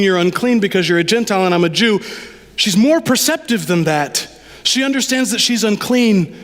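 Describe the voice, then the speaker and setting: A man preaching a lively sermon as pastor, addressing the congregation directly and with animated delivery. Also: sits high, in a large hall. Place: church sanctuary.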